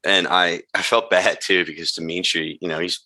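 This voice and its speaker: A man co-hosting a podcast in laid-back, slangy casual chat, jumping high in pitch to act out quotes. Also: little pitch movement, normal speed, bright, forceful tone. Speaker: podcast co-host.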